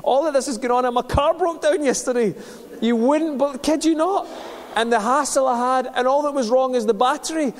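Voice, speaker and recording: A man's voice: very high voice, a little fast, slight background noise. A man, a pastor telling a personal story in a sermon with a conversational manner. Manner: conversational, builds to passionate preaching. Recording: long hall reverb.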